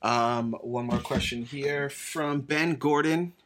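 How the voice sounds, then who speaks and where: A man's voice: medium pitch, slow pace, fairly bright tone. A man hosting a podcast in casual chat, easygoing and hesitant while reading listener questions. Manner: easygoing, hesitant with filler words.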